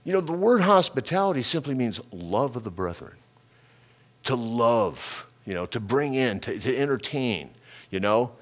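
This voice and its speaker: A middle-aged male pastor preaching a sermon, telling a personal story with animated delivery, repeated words and sound effects. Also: mid-range voice, moderate pace.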